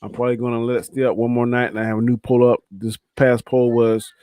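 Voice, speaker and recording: Man, stream host, relaxed, mid pitch, dry close sound. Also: quick pace, dry recording. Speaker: show host. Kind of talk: casual livestream chat.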